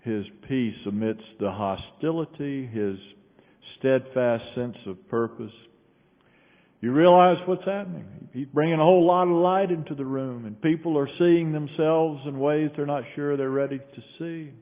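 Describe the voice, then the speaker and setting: A male pastor preaching a sermon, telling a story and shifting between raised bursts and quiet low passages. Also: normal speed. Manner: storytelling with sudden raised quoted shouts and quiet drops. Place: large church sanctuary. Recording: echoey hall on a tinny phone-like line.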